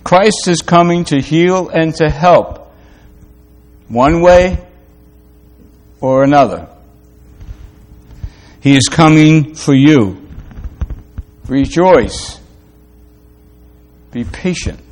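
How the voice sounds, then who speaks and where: A male preacher delivering a sermon in a measured, deliberate cadence. His voice sits a little high for a man, and he leans hard on repetition. He also uses rhetorical questions to drive his points home. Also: a little mellow.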